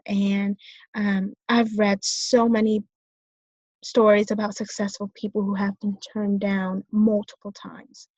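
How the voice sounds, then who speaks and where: A woman's voice: mid-range voice, a little mellow, no room sound, dull audio. Hesitant young woman with lots of fillers. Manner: hesitant, many fillers and restarts. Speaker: student. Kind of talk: self-reflective talk.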